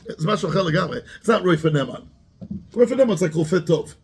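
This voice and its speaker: A man's voice: a little high, lively intonation, brisk, breathy edge. A man, a rabbi giving a Torah class who keeps asking his students questions and mixes Hebrew terms into his English.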